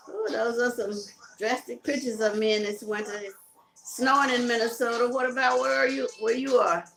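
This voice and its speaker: A woman's voice: on the high side, a bit bright, echoey room, rough recording. A woman with a Southern US accent, hosting a casual live stream, chatting, laughing and reading out viewer comments. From Carolinas, US South. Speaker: live-stream host promoting a music tour.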